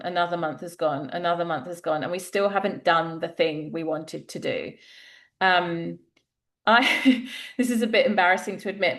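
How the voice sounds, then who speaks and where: A woman business coach teaching a group session, chatty and candid, acting out little everyday dialogues. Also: medium pitch.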